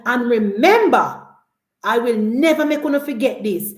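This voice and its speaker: A woman's voice: on the high side, lively intonation, a little slow, roomy sound. A woman with a Jamaican accent giving emphatic, argumentative political commentary on a live call-in show.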